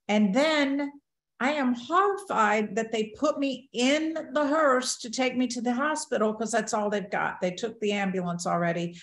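Older woman telling a vivid personal story. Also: mid-range voice. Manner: vivid first-person storytelling, acting out her own thoughts. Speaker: near-death experience speaker. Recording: roomy echo.

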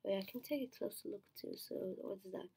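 A woman's voice: medium pitch, quick pace, gravelly, warm tone, a little hiss or hum. A woman thinking aloud as she plays a timed quiz, muttering to herself, trailing off, restarting answers and slipping into whispers. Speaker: quiz player.

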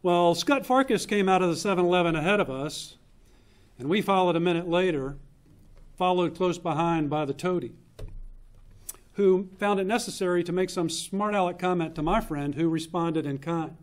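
A man in his fifties speaks at a memorial in a funeral chapel, his voice sitting a little high for a man. He tells old family stories earnestly, pausing to let each moment land. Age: 50s. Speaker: eulogist, younger brother of the deceased. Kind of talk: memorial eulogy, personal storytelling.

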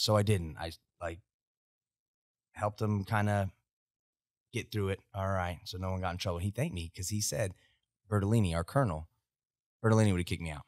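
His voice sits low, and this American man in his thirties talks briskly with long pauses, a veteran guest telling animated, profane army stories on a podcast. It's casual storytelling, captured cleanly on a podcast studio mic with no room sound.

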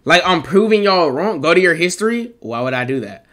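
A young man streaming live, reacting in a casual, rambling way, protesting over and over with excitable energy. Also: on the high side, fairly quick, a little hiss or hum.

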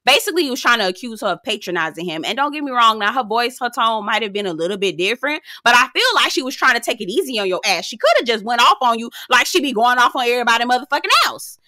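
A woman hosting a casual reality TV recap, sassy and animated, swearing freely as she talks straight to her viewers. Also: a little high, fast, hardly any pauses, no room sound, studio quality.

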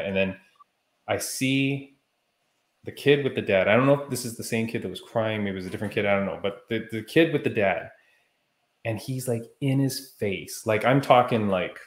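A man co-hosting a podcast, telling a story in a heated, animated way during casual chat. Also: lowish voice, reverberant. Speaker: podcast co-host.

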